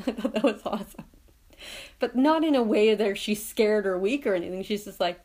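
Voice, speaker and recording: A woman's voice: medium pitch, moderate pace, a little mellow. A woman hosting her own podcast, chatting casually and laughing often as she retells favorite movie scenes. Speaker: podcast host. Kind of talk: casual solo podcast chat.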